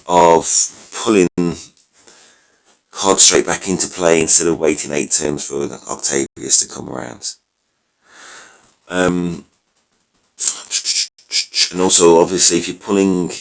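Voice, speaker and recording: A man casually talking through card game decks, rambling and correcting himself as he thinks aloud, his voice a little worn. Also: sits low. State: losing his voice. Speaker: mobile game video creator. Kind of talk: casual gameplay commentary.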